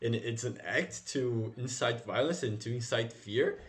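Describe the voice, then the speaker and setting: A man's voice: mid-range voice, a little slow. A man chatting casually as a podcast co-host, rambling, swearing and laughing as he talks. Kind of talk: casual chat.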